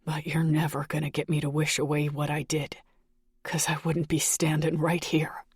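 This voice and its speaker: A woman voicing a guarded, blunt young man with a low, gruff delivery. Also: little pitch movement, moderate pace, a little mellow, no room sound, clean studio sound.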